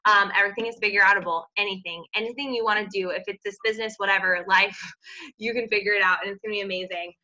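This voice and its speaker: A woman's voice: mid-range voice, fast, bright, forceful tone. A woman coaching her team with an earnest, upbeat motivational talk about gifts and purpose. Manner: earnest, upbeat, faith-based encouragement. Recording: dull lo-fi audio.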